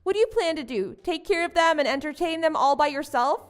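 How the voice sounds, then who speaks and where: A woman's voice: high voice, animated, fairly quick, soft background music. A woman voicing a wronged young wife and new mother who protests and pleads with her husband. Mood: protesting. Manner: indignant, pleading. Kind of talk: story drama voice acting.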